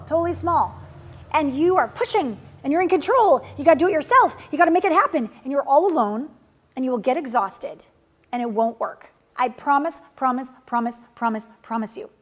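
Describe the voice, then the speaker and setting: A woman with a fairly high voice coaches her students through a course lesson. She talks bluntly and casually, drops the odd swear word, and swings from loud, emphatic pushes to soft, tender stretches. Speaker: relationship and manifestation coach.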